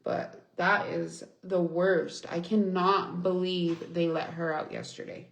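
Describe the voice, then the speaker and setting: A woman's voice: fairly low pitch, level tone, slow pace, vocal fry, echoey room. A young woman venting angrily and swearing in a casual livestream chat, reading and answering viewers. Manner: angry, venting, swears often. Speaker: livestream host.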